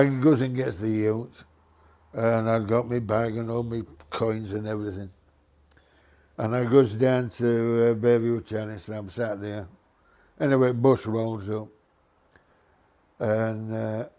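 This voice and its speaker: A man's voice: medium pitch, mellow. An older man, a retired bus driver recalling anecdotes and chuckling as he tells them. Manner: chuckling, jumps into voices for quoted people. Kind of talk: reminiscing anecdote.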